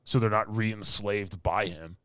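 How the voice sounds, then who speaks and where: Here the podcast co-host sounds a bit low and bright, keeping a steady tone at a slightly slow pace, with clean studio sound and no echo. He vents in casual conversation, exasperated and blunt, quoting others in mockery.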